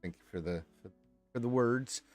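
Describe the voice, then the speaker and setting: Casual male stream host, lively delivery, dry sound, faint music. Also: moderate pace, no echo. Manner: reads chat aloud with lively swings in pitch and loudness. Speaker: livestream host reading chat. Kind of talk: casual chat.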